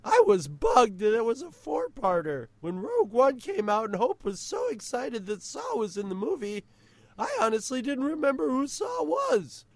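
A man voicing an excitable young male fan in a high, strained comic voice. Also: normal speed, creaky, no room sound, exaggerated voice. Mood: excited.

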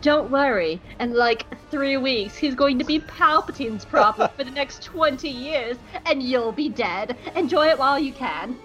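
A smirking, wry mentor knight, voiced by a woman in a spoofed cartoon retelling. He teases with a dry, knowing calm. The voice is high and close to her normal chatty tone. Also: a little slow, hardly any pauses, faint music behind, poor audio.

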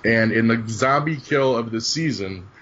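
A man's voice: mid-range voice, normal speed, a bit bright. A man hosting a casual podcast recap, joking and swearing as he retells the plot. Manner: jokey, profane, laughs often. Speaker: podcast host. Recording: dull lo-fi audio with faint hiss.

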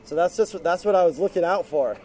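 High-voiced man chatting, laughing often. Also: fairly quick, over a noisy crowd. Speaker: podcast guest. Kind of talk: casual chat.

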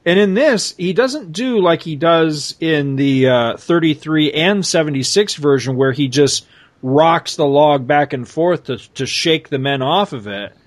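A man's voice: a little high, lively intonation, measured pace. A man in casual chat, animatedly retelling a comic story and laughing often.

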